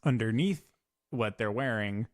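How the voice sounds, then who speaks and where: Low-voiced dude cracking jokes as podcast co-host, dry close sound. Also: male voice, measured pace, no room sound. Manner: joking, playful quips. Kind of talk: casual chat.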